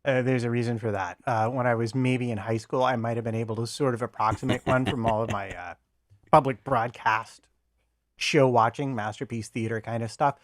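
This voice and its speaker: A man's voice: mid-range voice, fairly even intonation, fairly quick, no echo, clean studio sound. Wry American man telling a story. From United States. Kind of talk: casual chat. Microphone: video call.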